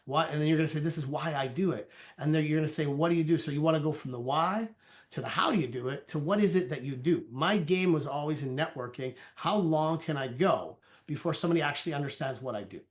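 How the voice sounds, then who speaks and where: A man, a sales consultant, giving an energetic training talk, loosely conversational and acting out little dialogues as he goes. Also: a little high, quick pace. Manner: acts out conversations in quoted voices; loose and conversational, many restarts.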